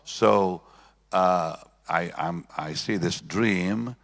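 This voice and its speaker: An older man with a very low voice tells his testimony, retelling each moment with repeats and restarts. A gravelly edge runs under his speech. The sound carries a long reverb, as if he is in a big hall. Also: extremely slow, a bit bright. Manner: storytelling with repeated phrases and restarts. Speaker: pastor, guest answering questions. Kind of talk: personal testimony in conversation.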